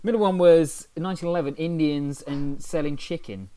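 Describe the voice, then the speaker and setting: A man's voice: fairly high pitch, steady tone, normal speed, warm tone. Jokey man co-hosting a podcast. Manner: jokey, laughs often. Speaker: co-host. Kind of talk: casual podcast chat.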